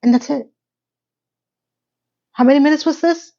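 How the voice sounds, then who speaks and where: A woman's voice: high voice, moderate pace, creaky, warm tone. A woman in a casual TV recap vlog, rambling in a sarcastic, playfully exasperated way. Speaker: TV recap YouTuber. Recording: slightly dull lo-fi audio.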